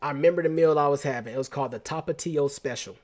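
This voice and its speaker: A man host telling a personal story in a casual, slangy, animated way, often restarting his sentences. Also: fairly high pitch, fast.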